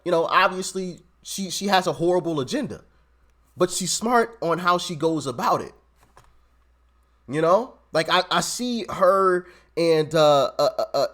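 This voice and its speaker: Animated man reacting to street clips. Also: sits high. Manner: animated, repeats himself, laughs often. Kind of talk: casual reaction commentary.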